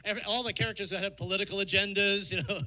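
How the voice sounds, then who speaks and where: High-voiced stand-up comic man. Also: fairly even intonation, rapid-fire, sharp tone. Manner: jokey, breaks into sung bits and impressions. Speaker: stand-up comedian. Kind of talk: stand-up comedy set. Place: comedy show venue. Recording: live club mic with audience laughter. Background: audience laughter.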